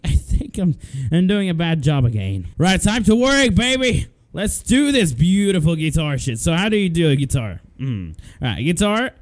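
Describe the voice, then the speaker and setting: A man giving excitable, frantic let's-play commentary, often yelling at the game's customers. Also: high-pitched. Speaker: gaming video host.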